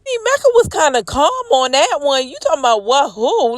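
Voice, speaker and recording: A woman giving a casual, slangy recap of a TV drama episode and reacting loudly to the scenes. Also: high voice, very animated, normal speed, few pauses, no room sound. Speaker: TV recap commentator.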